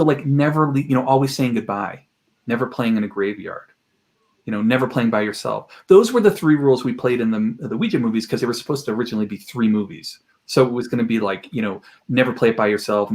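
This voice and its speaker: A man appearing as an expert guest on a podcast, telling stories in an animated way and slipping into quoted voices as he talks. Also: lowish voice, quick pace. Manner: animated, jumps into quoted voices, laughs while talking. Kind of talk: podcast interview storytelling. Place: home room with collected objects.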